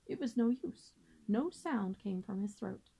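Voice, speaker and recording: A woman teacher reading a children's book aloud with gentle, steady storytelling. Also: medium pitch, measured pace, vocal fry, breathy edge, rough recording.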